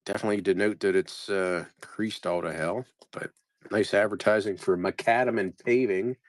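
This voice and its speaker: A man's voice: lowish voice, fairly even intonation, normal speed. A man selling postcards on a live stream, casually rambling as he reads out place names and chats with viewers by name. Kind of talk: casual live-sale commentary.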